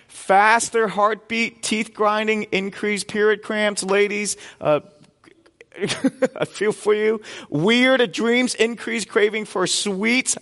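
A man's voice: sits high, a bit bright, big-room sound. A man preaching a sermon as pastor, conversational and joking with his congregation in a church sanctuary.

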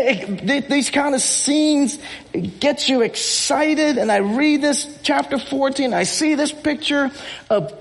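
A man preaching a sermon from the pulpit, animated and joking with his congregation. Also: very high voice, in a large hall. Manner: animated, energetic, acts out movie speeches with rising intensity; jokes with the congregation and repeats himself. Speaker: pastor. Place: church hall.

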